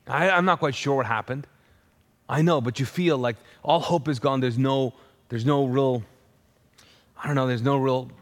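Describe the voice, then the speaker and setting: A male preacher telling a personal conversion story in a conversational, animated sermon style, with frequent restarts. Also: on the high side, in a large hall.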